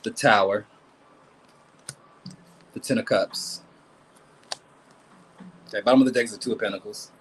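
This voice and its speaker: A man's voice: lowish voice, normal speed, pauses often, slight background noise, poor audio. A man doing a casual live tarot reading, talking bluntly and swearing often. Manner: blunt, animated, swears and laughs a lot. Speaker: tarot reader.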